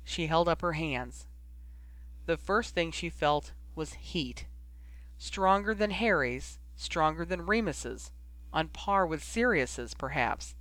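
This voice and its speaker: Male audiobook reader, bright and somewhat high, even storytelling. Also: slow pace, no echo. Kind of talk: audiobook narration of fan fiction.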